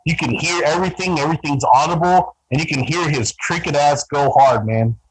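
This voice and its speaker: A man's voice: on the high side, a little fast, crowd noise, poor audio. A man who is a band member and guest on a podcast, talking in casual chat with enthusiastic, slangy praise.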